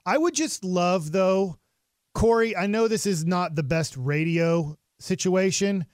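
A man co-hosting sports radio, teasing his colleagues with wry, deadpan asides. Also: high-pitched, measured pace, no echo, studio quality. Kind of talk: casual radio banter.

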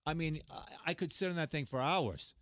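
A middle-aged man telling comic stories in a deadpan manner, acting out quoted lines as a comedian guest. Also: on the high side, normal speed, no echo, studio quality. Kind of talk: comic storytelling on radio.

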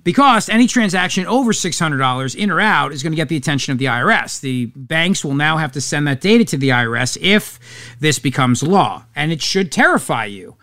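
A man's voice: on the high side, fairly bright tone, dry recording, studio quality. A man hosting a talk show, giving opinionated commentary in a sarcastic, mocking manner. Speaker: radio talk show host.

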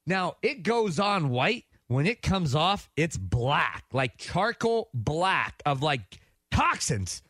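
Here a morning radio co-host takes his story slowly, his voice on the high side and captured with studio quality and no room sound. He animates the tale by acting out the quoted lines along the way.

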